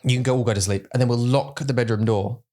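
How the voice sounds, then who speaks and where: Pria yang bercerita dengan hidup. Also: male voice, medium pitch, fast talker. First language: English. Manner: animated storytelling, acts out voices for effect. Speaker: podcast co-host. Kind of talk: casual bilingual chat.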